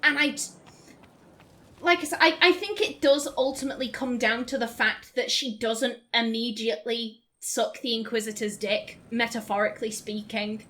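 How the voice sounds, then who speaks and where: A woman's voice: fairly high pitch, fairly even intonation, moderate pace, a bit bright. A woman hosting a casual let's play, chatting enthusiastically over gameplay with plenty of fillers and restarts.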